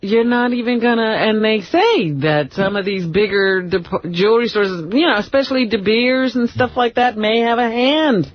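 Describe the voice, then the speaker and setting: A woman's voice: fairly high pitch, expressive, moderate pace, hardly any pauses. A woman co-hosting a radio show, reading entertainment news in a chatty way and laughing between items. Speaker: news reader and co-host. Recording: dull radio broadcast with faint hiss.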